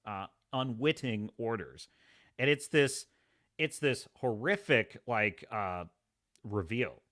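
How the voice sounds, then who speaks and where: A man hosting a live review, casually retelling episodes and acting out the characters' lines. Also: medium pitch. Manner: animated storytelling, acts out characters' lines. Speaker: host.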